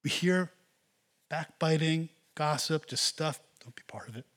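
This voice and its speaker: A man's voice: fairly high pitch, measured pace, fairly bright tone. A man preaching a sermon as pastor, earnestly exhorting the congregation.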